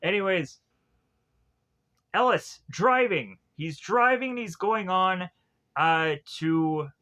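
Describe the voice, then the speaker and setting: A man giving a casual spoken film review, rambling and halting with many filler words. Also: high-pitched, lively intonation, pushed and bright.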